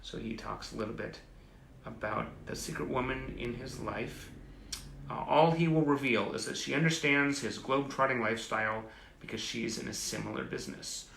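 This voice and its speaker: A chatty man hosts a casual live stream, reading aloud with wry, self-mocking asides. His voice is gravelly and bright. He sounds a bit roomy and echoey, as if recorded live at home. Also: medium pitch, normal speed, slight background noise. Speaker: host. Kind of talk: casual livestream chat reading old clippings. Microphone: phone or webcam on a live stream.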